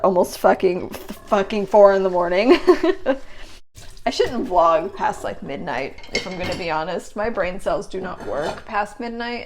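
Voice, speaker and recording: A woman's voice: medium pitch, a little hiss or hum. Rambling, swearing young woman vlogger. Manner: swears a lot, rambling, laughs often. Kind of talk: casual late-night rambling vlog. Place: home kitchen at the sink, washing dishes.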